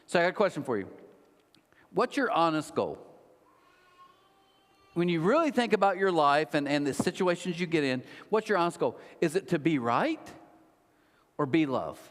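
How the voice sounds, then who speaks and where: A middle-aged man preaching a sermon as a pastor, humorous and animated with mocking asides. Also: on the high side, normal speed, pauses often. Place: large church auditorium. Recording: long hall reverb.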